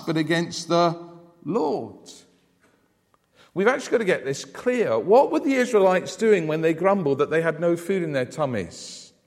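A man preaching a sermon in a conversational way, often asking the congregation rhetorical questions. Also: on the high side. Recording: long hall reverb.

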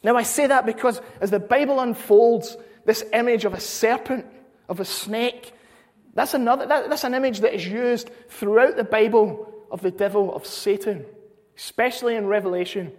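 A man's voice: high voice, normal speed. A man preaching a sermon, earnest, repeating phrases for emphasis. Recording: long hall reverb.

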